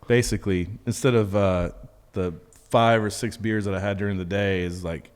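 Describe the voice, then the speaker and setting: A man cohosting a casual podcast over beers, rambling and getting animated as he explains things. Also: on the low side, normal speed, clear, resonant tone. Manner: rambling, gets animated and laughs while explaining. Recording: long room reverb.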